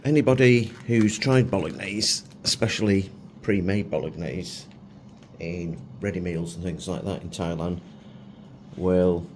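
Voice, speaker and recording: A man's voice: low voice, a little mellow, slight background noise. Chatty middle-aged man. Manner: chatty and self-mocking, with chuckles. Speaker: food vlogger. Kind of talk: casual food review vlog.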